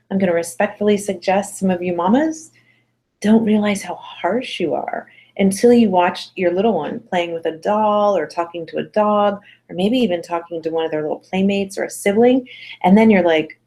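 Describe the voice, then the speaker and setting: A middle-aged woman parenting instructor talking casually to mothers, chatty and encouraging, acting out little quotes as she goes. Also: medium pitch. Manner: chatty, encouraging, acts out quotes with lively voices. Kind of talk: casual webinar talk to mothers.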